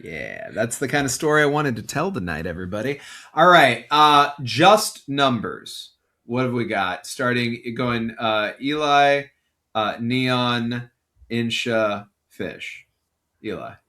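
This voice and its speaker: A man's voice: mid-range voice, animated, slow pace, bright, forceful tone. A man running a tabletop game as game master, enthusiastic and dramatic in his narration.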